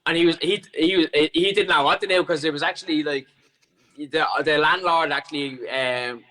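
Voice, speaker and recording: Irish male podcast guest, animated and sweary storyteller, bright tone. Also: fairly high pitch, moderate pace, poor audio. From Ireland. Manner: animated, sweary, lots of restarts. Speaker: guest fighter. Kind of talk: casual storytelling chat.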